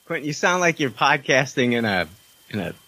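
A man's voice: medium pitch, sing-song, fairly quick, pushed and bright. A man hosting a casual group podcast, loose and joking, swearing freely as he runs the show. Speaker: podcast host.

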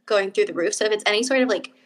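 A young woman co-hosting a podcast, chatting casually and acting out stories with lively quoted voices. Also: rapid-fire. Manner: animated storytelling, acting out quotes with big pitch jumps. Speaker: podcast co-host. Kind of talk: casual chat.

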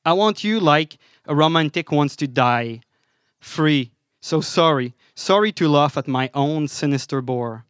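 A man's voice: a little high, expressive, a little slow, a bit bright, clear, resonant tone, dry recording, clean studio sound. A man with a French Canadian accent performing spoken word poetry on a live stage, with a wry, apologetic, rhythmic delivery.

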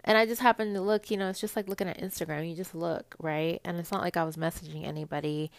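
A young woman telling a story to her viewers in a casual, animated rant, swearing freely as she gets heated. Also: on the low side, fast talker. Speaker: vlogger.

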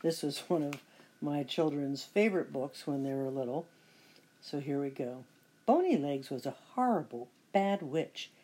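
Husky, animated woman reading a storybook. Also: deep voice, moderate pace. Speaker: storybook reader. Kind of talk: reading a children's picture book aloud.

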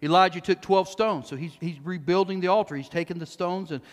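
A male pastor preaching a sermon emphatically, swinging between loud, high bursts and low, quiet asides, sometimes mocking as he acts out quoted speech. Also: brisk. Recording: long reverb of a church hall.

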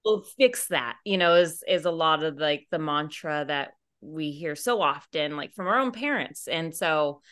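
A woman's voice: low-pitched, normal speed, hardly any pauses, clear, resonant tone. A woman hosting a podcast, talking casually with many fillers and restarts and responding supportively to her co-host. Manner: warm, supportive listener, rambling with many fillers. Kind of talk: casual chat.

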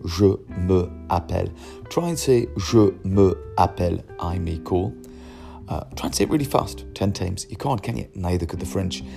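A deep, gravelly man explains his method for teaching languages, emphatic as he asks and answers his own questions. His tone is mellow and dark. A faint guitar plays behind him.

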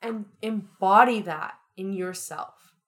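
A woman's voice: medium pitch, slow pace. A young woman co-hosting a podcast, talking in an upbeat, chatty, motivational way. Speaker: podcast co-host. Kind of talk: casual chat.

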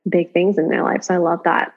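A woman's voice: fairly low pitch, level tone, brisk, creaky, highs cut off. Chatty woman podcast host. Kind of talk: casual podcast interview.

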